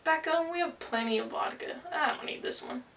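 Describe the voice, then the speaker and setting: A woman's voice: sits high, fairly quick, vocal fry, a bit bright, voice pushed up. A woman voicing a Russian man on a train, offhand and dismissive. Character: casual Russian man with vodka. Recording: distant mic.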